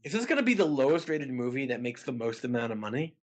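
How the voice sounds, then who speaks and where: A young man co-hosting a casual podcast, joking around and doing deliberately bad celebrity impressions. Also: mid-range voice, very animated. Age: 20s. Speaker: podcast co-host. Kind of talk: casual chat.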